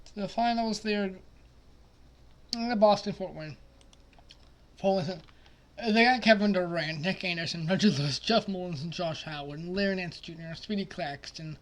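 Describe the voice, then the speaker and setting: A man commenting casually on a basketball simulation, muttering quietly at times and then breaking into loud, excited outbursts. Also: high-pitched, moderate pace, pauses often. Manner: excitable, swings from mumbled asides to loud outbursts. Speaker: simulation gaming streamer.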